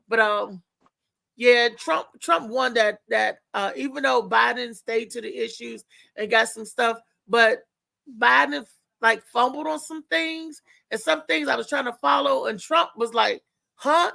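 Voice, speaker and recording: A woman hosting a live morning show, chatting in a rambling, animated way, repeating herself and acting out what others said. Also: fairly high pitch, gravelly, dry recording. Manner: rambling, animated retelling with many repeats and acted-out quotes. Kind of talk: casual live-stream commentary.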